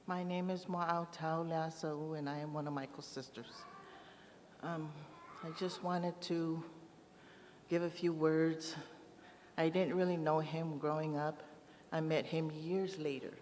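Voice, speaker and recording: A woman giving a gentle, hesitant eulogy with words of comfort at a funeral service. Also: low voice. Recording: reverberant hall with faint room noise.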